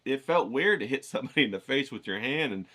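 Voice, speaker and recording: A man hosting a writing challenge, telling a childhood story in an animated, chatty way and then coaching his viewers to write. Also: mid-range voice, fast talker. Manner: animated anecdotal telling, acts out quoted voices; coaching, rallying tone. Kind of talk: casual storytelling lesson.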